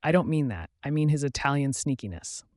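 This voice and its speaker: A woman's voice: deep voice, expressive, a little fast, a little mellow, no room sound, studio quality. A man voicing a reproachful, sobbing Scottish woman friend in an audiobook. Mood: scolding.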